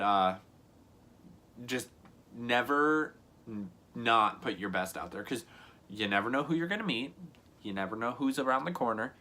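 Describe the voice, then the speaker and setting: A man's voice: mid-range voice, pushed and bright. A young man telling a casual storytime vlog to camera, rambling and earnest, full of "like" and "you know what I mean". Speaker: YouTuber.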